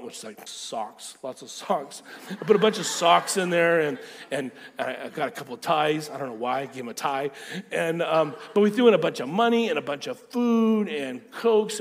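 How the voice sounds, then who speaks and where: Animated male preacher in a reverberant hall. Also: fairly high pitch. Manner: animated storyteller, acting out quotes. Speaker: pastor. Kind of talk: storytelling sermon.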